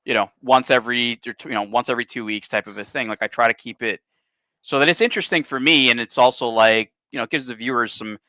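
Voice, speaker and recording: A man's voice: mid-range voice, fast talker, bright, forceful tone, no room sound. A man hosting a casual livestream chat, rambling with many fillers. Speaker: livestream host.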